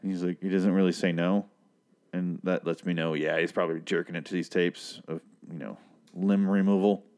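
A man's voice: deep voice, level tone, moderate pace, darkish tone. A man casually recapping a TV episode, rambling, sarcastic and full of swearing.

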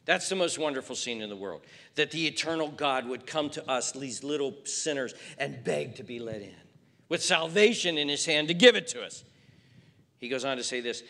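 A man's voice: mid-range voice, expressive, normal speed. Fervent male preacher in echoing hall. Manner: emphatic, building from quiet to fervent. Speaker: pastor. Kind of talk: sermon.

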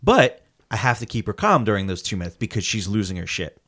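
A man's voice: lowish voice, quick pace. A man telling a story in casual chat, acting out the quotes and swearing freely. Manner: animated storytelling with acted-out quotes.

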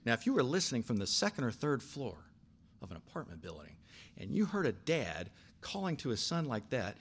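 An older man preaching a sermon, telling stories with big swings from quiet asides to shouted lines. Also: medium pitch, fairly quick, husky. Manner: animated storytelling, swings from soft asides to shouting. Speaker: pastor.

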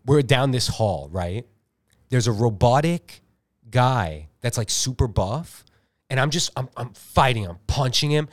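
A man's voice: medium pitch, animated, unhurried. A man co-hosting a podcast, improvising a comic story in a rambling, filler-heavy, self-interrupting way. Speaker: podcast co-host.

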